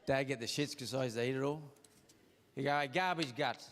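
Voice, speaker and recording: A man's voice: mid-range voice, steady tone, fairly quick, in a large hall, a little hiss or hum. Australian man telling crude stand-up stories. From Queensland, Australia. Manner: crude storytelling, mimicking his parents' voices. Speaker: stand-up comedian. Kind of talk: stand-up comedy routine.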